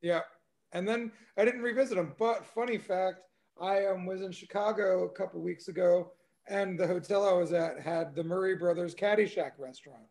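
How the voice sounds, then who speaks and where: A man's voice: sits high, steady tone, normal speed, creaky, a little mellow. A man co-hosting a podcast in casual chat. He is laid-back, swears freely and laughs often while telling stories.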